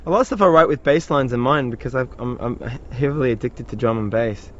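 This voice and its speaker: A man, a musician guest in a radio interview, telling relaxed, joking stories. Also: medium pitch, fast, slight background noise. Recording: slightly muffled radio recording.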